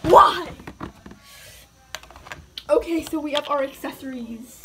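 A young woman narrates her own toy film in a goofy, dramatic way. Her voice is high and she talks at an unhurried pace. Clear clicking noise sounds behind her. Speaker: toy video maker.

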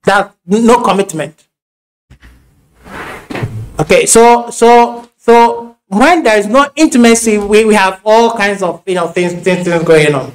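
A man's voice: high-pitched, unhurried, few pauses, low-quality recording. A man with a Ghanaian accent preaching a sermon in a church, telling homely stories with frequent restarts and laughing asides. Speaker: pastor.

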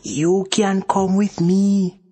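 A woman's voice: medium pitch, steady tone, dark tone, husky. Anansi, a woman doing a sly spider. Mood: sly coaxing. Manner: slow, coaxing, drawn-out. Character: sly male trickster spider.

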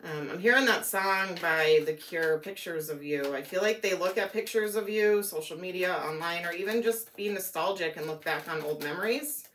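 A woman reading tarot cards aloud, musing and thinking out loud as she goes, her voice a little worn and hoarse. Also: on the low side, normal speed, few pauses, a little hiss or hum. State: losing her voice. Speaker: tarot reader.

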